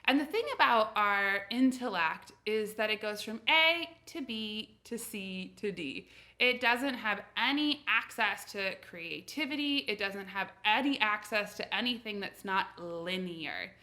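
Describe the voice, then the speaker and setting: A young woman from the United States who coaches on intuition, talking casually to camera in a chatty, animated storytelling way. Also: medium pitch, unhurried.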